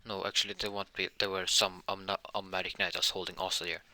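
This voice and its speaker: Low-voiced guy making up a fan story as he goes, keeps correcting himself, super dry close sound. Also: little pitch movement, fast, sharp tone, no room sound. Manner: rambling, frequent self-corrections. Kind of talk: improvised fan-fiction narration.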